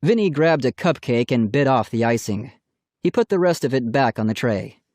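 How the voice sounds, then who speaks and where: A man reading a children's storybook aloud in a steady, plain narration. His pitch moves in a lively way through the lines, and the sound is close and dry with no room around it. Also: moderate pace, no room sound. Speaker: audiobook narrator.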